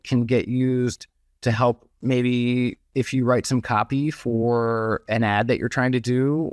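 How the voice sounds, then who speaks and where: Man, medium pitch, casual talker, restarts often, dry recording. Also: no room sound. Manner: conversational, many restarts and hedges. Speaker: podcast guest, merch business owner. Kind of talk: casual podcast conversation.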